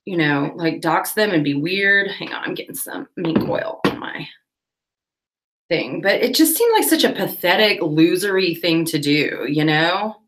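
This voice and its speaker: A woman chatting casually on her livestream, telling a rambling story with quick laughs while she cleans her tack. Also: lowish voice, a bit bright. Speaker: livestream host.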